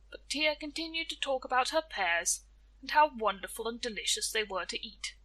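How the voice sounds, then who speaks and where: A woman narrating a folktale as a storyteller, in a gentle, deliberate way. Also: on the high side, expressive, low-quality recording.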